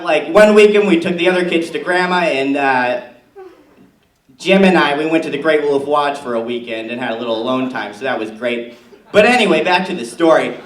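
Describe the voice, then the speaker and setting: A man voicing a brash, gossipy middle-aged suburban mom in a stand-up bit, chatty and rambling, recorded in an echoey room with a far-off mic and noise. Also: on the high side. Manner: chatty, rambling, loud and oblivious.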